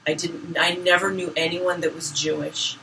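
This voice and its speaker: A woman from Boston telling personal stories in casual conversation, getting lively when she quotes people. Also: fairly low pitch, normal speed. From Boston, Massachusetts. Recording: roomy, from some distance, clear background noise.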